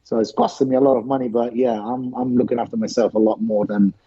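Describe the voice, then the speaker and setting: A man speaks as a guest over a remote call, with a very dark, mellow tone and a husky edge. He talks casually and tells stories animatedly, often repeating words. The call audio sounds dull and lo-fi. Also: medium pitch, steady tone, fast talker. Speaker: guest bodybuilder. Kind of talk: casual interview chat.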